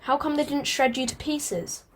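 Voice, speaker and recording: A woman voicing a chatty, excitable young male house cat in a storybook reading, asking quick, eager questions. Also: sits high, pitched above the performer's own voice.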